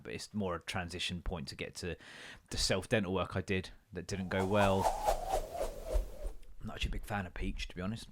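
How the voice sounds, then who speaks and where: A man's voice: on the low side, fairly bright tone. A man hosting a podcast, telling rambling, sweary stories with jokey put-on voices. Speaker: podcast host. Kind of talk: casual solo rant.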